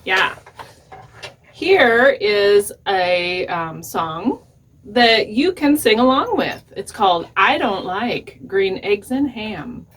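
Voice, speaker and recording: Librarian lady reading a kids story, real slow and gentle, lots of expression. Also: medium pitch, lively intonation, slight background noise. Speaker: children's librarian.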